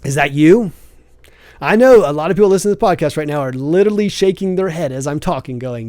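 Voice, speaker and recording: A man's voice: fairly high pitch, lively intonation, quick pace, darkish tone, no echo. Earnest man preaching business advice. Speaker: podcast host, business coach. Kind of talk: motivational podcast monologue.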